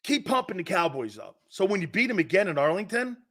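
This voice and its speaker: Sarcastic sports show guy, mocking, voice jumps all over, bright and tense. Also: high-pitched, sing-song, fast. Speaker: sports talk show host. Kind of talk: opinionated sports talk rant.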